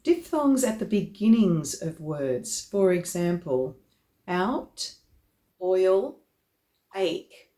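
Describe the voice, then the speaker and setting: A woman vocal coach explaining pronunciation, demonstrating example words slowly one at a time. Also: lowish voice, very animated, warm tone, echoey room. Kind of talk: instructional explanation.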